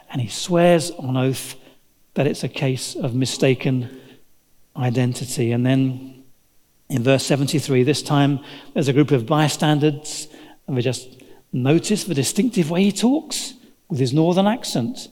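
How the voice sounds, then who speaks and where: A man's voice: mid-range voice, a little slow, darkish tone. A man preaching a sermon, telling the story dramatically and acting out the voices of its characters. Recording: long hall reverb.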